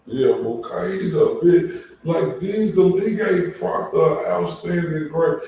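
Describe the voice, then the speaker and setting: Angry male commentator, slow, profane rant, mellow tone, far off in a reverberant room with light noise. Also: sits high. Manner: angry, heavy swearing, drawn-out complaints. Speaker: online commentator. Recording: very echoey room, far from mic, faint noise.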